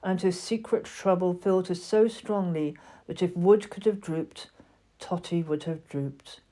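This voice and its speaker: Mellow woman reading a children's story. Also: fairly low pitch, steady tone, unhurried. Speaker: audiobook reader. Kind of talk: storybook narration.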